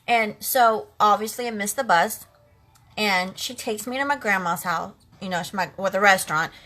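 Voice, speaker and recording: A woman's voice: mid-range voice, normal speed, sharp tone. A woman in her late thirties on a makeup livestream, telling a personal story in an earnest, heartfelt way and speaking straight to her viewers. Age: late 30s. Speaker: makeup live streamer.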